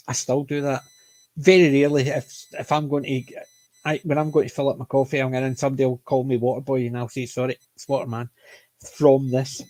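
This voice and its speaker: With a mild Scottish accent, a man from Scotland reviews a TV comedy in casual conversation, wandering off track and repeatedly correcting himself before apologetically restarting. His medium-pitched voice has a darkish tone, recorded with no echo.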